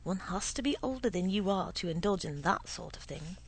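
A woman's voice: on the low side, expressive, breathy edge. Woman voicing a sly old potion seller. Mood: knowing. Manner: slow, suave, insinuating.

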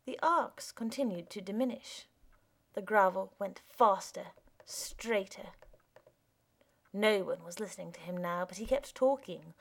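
A woman reads a first-person story aloud in a measured way. Her voice often drops soft. It sits at a middle pitch and carries a gravelly fry. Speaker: narrator.

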